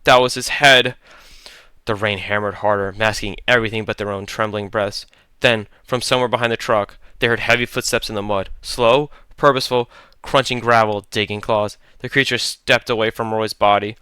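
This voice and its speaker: A man narrating a horror story in a dramatic, deliberate way. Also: fairly low pitch, flat delivery, bright, forceful tone, smooth, dry recording.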